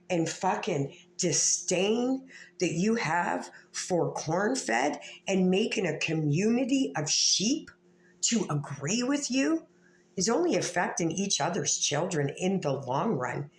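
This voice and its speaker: A woman vlogger delivering a heated, profane, confrontational rant to camera in an echoey room. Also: medium pitch. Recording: echoey room with faint ambient noise.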